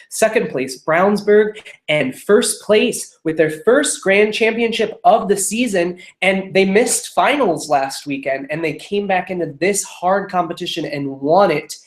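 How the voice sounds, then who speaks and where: A show choir webcast host reading competition placements in a brisk, chatty way with quick asides. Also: mid-range voice, reverberant. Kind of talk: live webcast chat reading competition results. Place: room, remote from co-host.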